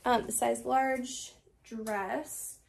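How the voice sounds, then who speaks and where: A woman's voice: fairly high pitch, fairly even intonation, very slow, gravelly, a little mellow, recorded from a distance. A young woman chatting casually at home about her thrift haul, rambling and laughing often. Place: home room.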